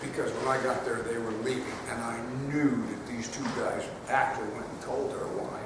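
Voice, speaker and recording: A man's voice: medium pitch, flat delivery, brisk. An older man, an actor at a fan Q&A panel, telling stories with frequent laughter. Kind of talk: casual anecdote to a live audience. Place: festival hall with a live audience. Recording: echoey hall, mic heard from a distance, loud background noise.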